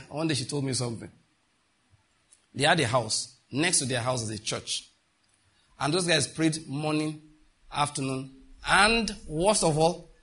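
A man's voice: mid-range voice, fairly bright tone, breathy edge. A middle-aged man, preaching a sermon emphatically and asking the congregation rhetorical questions. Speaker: pastor.

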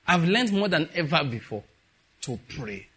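A man preaching a sermon, telling stories with quiet asides that build to emphatic peaks. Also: fairly high pitch, big pitch swings, slow, breathy edge. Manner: storytelling with soft asides and rising emphatic peaks.

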